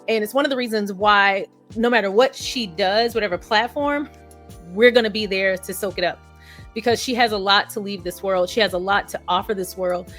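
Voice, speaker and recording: A woman's voice: medium pitch, a bit bright. A woman vlogger giving casual, effusive reaction commentary, chatty and laughing often.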